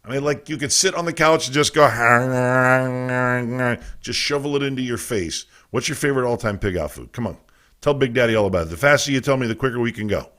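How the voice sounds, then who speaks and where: A man hosting a live casual show, loudly teasing and coaxing his chat room, with crude self-mocking asides. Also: mid-range voice, fast talker. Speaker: podcast host. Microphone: desk mic, reading chat on a phone.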